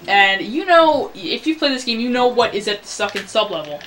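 A man's voice: high voice, expressive, fast, fairly bright tone, a little hiss or hum. A man giving casual let's-play commentary, rambling and ranting about the game as he plays. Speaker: gameplay commentator.

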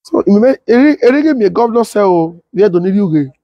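A young adult man with a Nigerian Pidgin English accent, telling a story and acting out the voices of others in a husky tone. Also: fast, dry recording, lo-fi sound. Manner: switches to high excited voice when quoting others. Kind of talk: animated storytelling with acted-out quotes.

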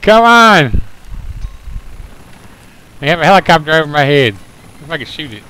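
Bright, goofy young man gaming. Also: fairly high pitch, rapid-fire, smooth, low-quality recording. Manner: goofy, playful, sing-song silliness. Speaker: co-player. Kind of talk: casual gaming chat.

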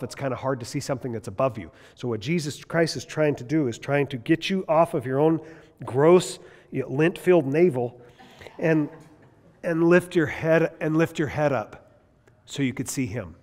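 A man teaching a Bible class in a lively, conversational way, asking his listeners questions as he goes. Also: mid-range voice, long reverb tail. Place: large classroom or hall.

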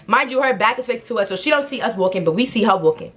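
A young woman telling a story in a casual, slangy, animated way, acting out what people said. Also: mid-range voice, racing, slight background noise. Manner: animated, slangy, acts out the quotes. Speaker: vlogger.

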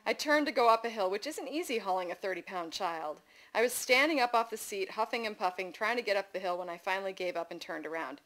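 A woman in her thirties, an author reading her own memoir stories aloud at a literary festival, wry and animated. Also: mid-range voice, fast talker. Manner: wry, animated, playfully voices her child's shouts.

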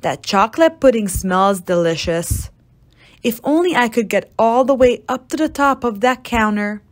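A woman's voice: on the high side, animated, moderate pace, pitched above the performer's own voice, natural voice. A woman voicing a careless, greedy little girl in a read-aloud story.

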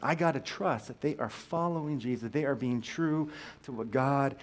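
Man, pastor, casual sermon, questions to the pews, repeats and restarts, mid-pitched voice. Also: normal speed. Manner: conversational, asks the congregation questions, frequent restarts. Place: church sanctuary.

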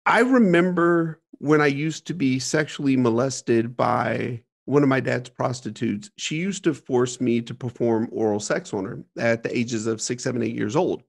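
A man's voice: mid-range voice, normal speed, vocal fry, hardly any pauses. A middle-aged man telling a frank personal story as a podcast guest, repeating words and swearing casually. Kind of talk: candid storytelling interview.

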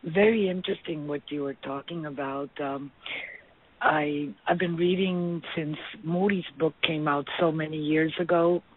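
A woman's voice: sits low, steady tone, moderate pace. A woman calling into a talk show, friendly and a little hesitant. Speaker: caller. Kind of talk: casual phone call. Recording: phone-line sound.

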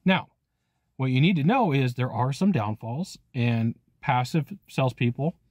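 A man hosts his own sales-training talk, speaking energetically and emphatically straight to the viewer. He keeps checking in with a quick "okay?" as he explains. His voice sits at an ordinary middle pitch, and the sound is dry and close with no room echo. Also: expressive, a little mellow, muffled recording. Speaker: sales trainer and channel host. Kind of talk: animated solo teaching talk to camera.

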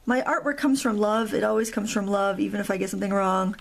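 A woman's voice: mid-range voice, fast, gravelly. A middle-aged woman hosting a real-time coloring tutorial at a craft table, chatty and rambling, with self-deprecating asides.

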